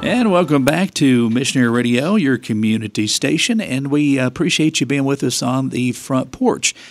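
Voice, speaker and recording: A man's voice: mid-range voice, expressive, normal speed, soft background music. An older man co-hosting a community radio show, making easygoing announcements and chatting casually. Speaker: radio host. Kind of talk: casual talk radio chat.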